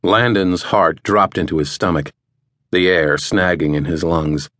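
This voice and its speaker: Male audiobook narrator, deep and measured, close dry read. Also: fairly bright tone, no echo. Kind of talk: scripted narration.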